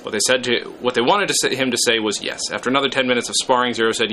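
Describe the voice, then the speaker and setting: A man's voice: mid-range voice, fairly even intonation, racing, sharp tone, slight background noise. A man hosting a podcast in casual chat, laid-back, swearing casually and reading aloud at times. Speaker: podcast host.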